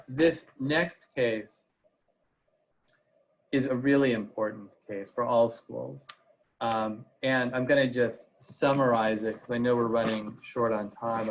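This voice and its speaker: A man's voice: mid-range voice, a little hiss or hum, rough recording. A man giving a legal presentation on a video call, speaking conversationally with frequent "uh" fillers. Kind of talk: webinar presentation.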